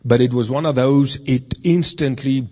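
A man's voice: medium pitch, moderate pace, dark tone. A man preaching a sermon in a conversational way, with rhetorical questions and stories from his meetings.

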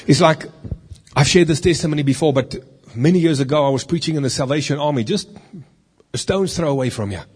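A man's voice: fairly high pitch, a little fast, a little mellow, slightly rough. A man preaching a sermon in a conversational way, with rhetorical questions and stories from his meetings.

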